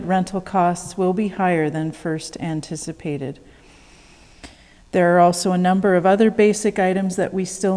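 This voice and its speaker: A woman, a worship leader giving church announcements and leading prayer in a calm, measured way. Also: fairly low pitch, big-room sound. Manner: calm, measured, reads prayer responses slowly.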